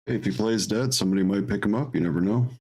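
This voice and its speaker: A man's voice: lowish voice, rapid-fire, warm tone. A man playing a tabletop game who laughs often and makes joking asides. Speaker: player. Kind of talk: casual play talk.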